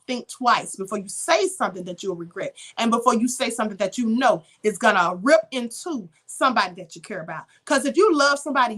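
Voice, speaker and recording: A woman's voice: fairly high pitch, fairly bright tone. A woman hosting an inspirational live stream, speaking emphatically and preachily to her viewers, thanking them for comments and calling them beloved. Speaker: livestream host.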